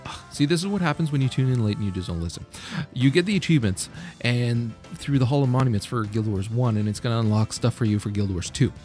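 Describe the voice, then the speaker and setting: A man's voice: mid-range voice, lively intonation, quick pace, darkish tone, faint music behind. A man co-hosting a casual gaming podcast, teasing his partner, swearing freely and laughing often. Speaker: podcast co-host.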